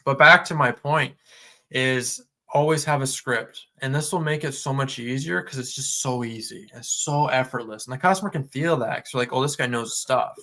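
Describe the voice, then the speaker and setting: On a casual podcast, this co-host chats in a relaxed, meandering way, packing in fillers and playing out customer dialogue. His pitch is medium and his pace is normal.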